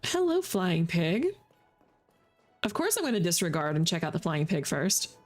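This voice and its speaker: A woman's voice: deep voice, big pitch swings, fast talker, soft background music. A woman streamer giving playful, chatty commentary while she plays a video game. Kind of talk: casual gameplay commentary.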